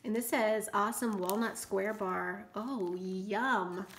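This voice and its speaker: A woman craft vlogger opening gifts in an unboxing vlog, gushing and excitable, often squealing and gasping. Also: mid-range voice, slow, noisy background.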